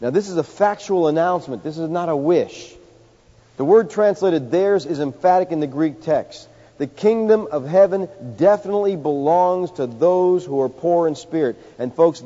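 A man preaching a sermon, emphatic, swinging from loud high peaks to low quiet lines. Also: moderate pace. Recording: dull sound with long hall reverb.

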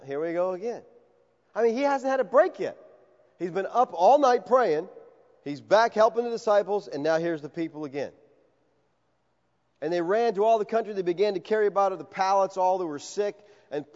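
Male pastor, high voice, lively expository sermon, dull recording with long hall reverb. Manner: animated, acts out voices of Bible figures.

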